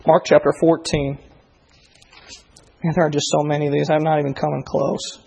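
Impassioned preacher, husky voice in a hall. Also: male voice, fairly high pitch, level tone, moderate pace. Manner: builds from quiet reflection to impassioned, near-shouted preaching. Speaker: pastor. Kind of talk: sermon. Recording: long hall reverb.

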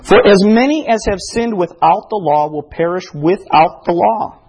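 Man, preacher, sermon delivery, husky, a bit high-pitched. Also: normal speed, a little mellow. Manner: preaching with rising emphasis and quoted exchanges. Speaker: pastor.

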